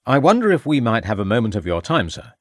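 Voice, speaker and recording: A man reads the part of a brisk, determined Victorian police inspector whose formal, pressing questions carry an urgent mood. His mid-range voice is lively and rising, recorded close and dry with no echo.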